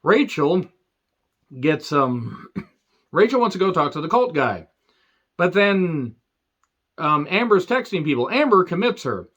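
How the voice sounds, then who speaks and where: A man's voice: high-pitched, very animated, unhurried, long pauses, fairly bright tone, dull audio. A man giving a sarcastic, rambling movie review rant full of asides.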